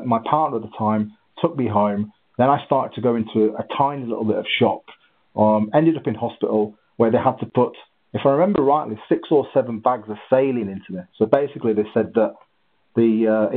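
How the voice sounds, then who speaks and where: A husky-voiced man telling his story in an interview, animated, with halting restarts. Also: medium pitch. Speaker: guest, ultra runner. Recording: tinny phone-like line.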